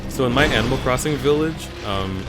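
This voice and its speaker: A man's voice: medium pitch, animated, fairly quick. A man chatting casually with friends on a stream, with a dry, wry manner. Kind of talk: casual chat. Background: game music.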